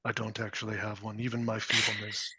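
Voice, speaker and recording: A man's voice: fairly low pitch, level tone, fast, very noisy. A man playing a brooding, self-deprecating tabletop character. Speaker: player. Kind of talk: in-character tabletop role-play.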